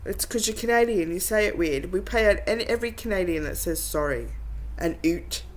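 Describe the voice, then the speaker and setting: A woman talks over footage of a livestream, picking it apart in a blunt, mocking tone. Her remarks come out flat and sarcastic. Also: mid-range voice, fast talker, poor audio. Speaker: reaction commentator. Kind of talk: sarcastic commentary over a stream.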